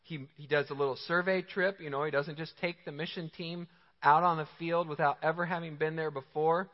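A male pastor preaches with emphatic, lively energy, talking to the room in a conversational way. His voice sits a little high for a man. The sound carries a long reverb and is somewhat muffled. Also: fairly quick. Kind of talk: sermon. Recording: reverberant hall, slightly dull sound.

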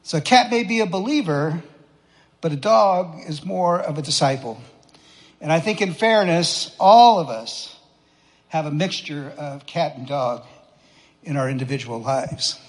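A man's voice: a little high, lively intonation, unhurried. Man preaching in an echoing church. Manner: conversational, folksy preaching with rhetorical questions. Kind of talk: sermon. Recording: long reverb of a church hall.

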